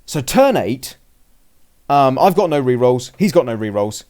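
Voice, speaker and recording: A man telling the story of a tabletop match in casual podcast chat, his voice sitting at an ordinary middle pitch. He rambles and restarts often, acting out what he and his opponent said along the way. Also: big pitch swings, measured pace, darkish tone. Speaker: podcast host recounting a game. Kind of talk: casual chat, play-by-play recap.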